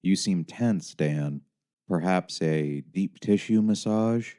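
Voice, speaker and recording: A man voicing a sultry, know-it-all female GPS unit with a put-on British accent, smug and slow. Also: low-pitched, mellow. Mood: smug, teasing. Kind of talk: audiobook reading.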